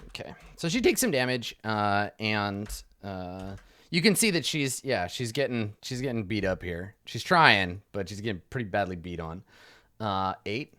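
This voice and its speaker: A man's voice: lowish voice, very animated, moderate pace, bright, forceful tone. A young man narrating a tabletop game as game master in a loose, chatty way, with many fillers and restarts.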